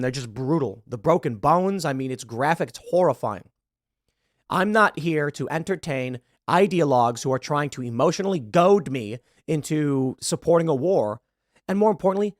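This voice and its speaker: A man's voice: on the high side, no echo, clean studio sound. A man hosting a political commentary show, talking bluntly and heatedly, swearing and restarting sentences. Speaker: show host.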